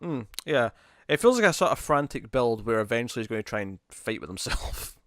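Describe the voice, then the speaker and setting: A man's voice: mid-range voice, sing-song, brisk, no room sound, clean studio sound. Chatty man riffing on movie trailers. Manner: rambling, chatty, frequent restarts and laughs. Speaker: podcast co-host. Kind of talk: casual movie trailer chat.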